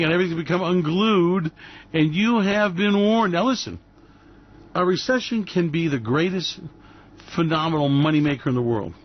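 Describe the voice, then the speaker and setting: Male radio host, brash mocking ranter, slightly higher voice, dull lo-fi sound. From New York. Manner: brash, mocking, loud bursts and laughter. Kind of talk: ranting commentary.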